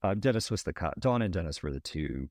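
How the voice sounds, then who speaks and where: A man from Alabama with a very deep voice talks as a documentary director on a podcast. He answers haltingly, restarting often, and his pitch jumps up when he gets going. The sound is close and dry. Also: animated, darkish tone, no echo. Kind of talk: casual interview answers.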